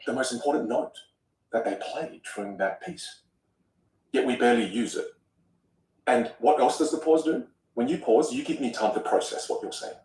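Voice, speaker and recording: A man talking as a vocal coach in a podcast conversation, animated and acting out example voices. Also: mid-range voice, moderate pace, roomy sound, far from the mic, poor audio.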